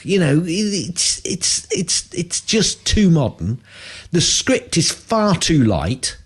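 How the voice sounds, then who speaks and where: A man's voice: fairly high pitch, very animated, takes it slowly, breathy edge. A man co-hosting a podcast in casual chat, blunt and grumbling, repeating himself for emphasis. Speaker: podcast co-host.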